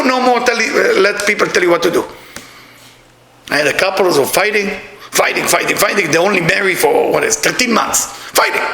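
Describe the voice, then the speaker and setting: A man's voice: sits high, gravelly, sharp tone, slight background noise. A middle-aged man giving a spiritual lecture as a Kabbalah teacher, telling emphatic stories in non-standard English. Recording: echoey room.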